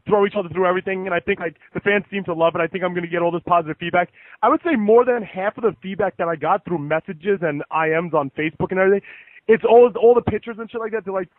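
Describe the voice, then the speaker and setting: A man hosting a podcast, telling animated, profane stories in casual chat. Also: high-pitched, dry recording. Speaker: podcast host. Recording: dry, tinny phone-like sound.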